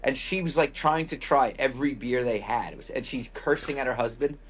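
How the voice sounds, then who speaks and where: Speaking a little fast, a husky-voiced podcast host recounts a loose travel anecdote peppered with profanity and quoted asides. His mid-range voice has a fairly bright tone, and he keeps things casual and wry.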